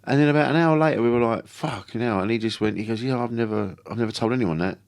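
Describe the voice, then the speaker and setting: A man's voice: medium pitch, fast talker, vocal fry. A man, a comedian guesting on a podcast, telling stories in a rambling, swearing, self-interrupting way. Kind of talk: casual chat.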